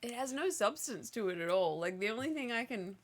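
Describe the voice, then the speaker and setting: A woman's voice: fairly high pitch, animated, brisk. A woman co-hosting a casual stream, chatting about snacks and teasing her partner. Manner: chatty, laughs often, teasing. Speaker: co-host. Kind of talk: casual snack-tasting chat.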